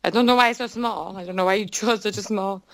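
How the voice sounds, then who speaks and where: A woman's voice: mid-range voice, fast talker, no room sound, lightly acted. A woman playing an eccentric, beret-obsessed oddball who talks about herself in the third person, in an improv comedy bit. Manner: talks about herself in the third person, clumsy formal phrasing, sudden apologies. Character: eccentric beret-obsessed woman called Jim Jim, oddly formal.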